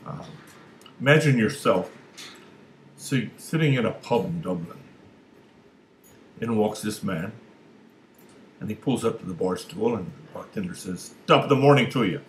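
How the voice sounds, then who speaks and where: Man telling a joke, low voice. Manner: unhurried storytelling with small restarts. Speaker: joke teller. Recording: echoey room with faint noise.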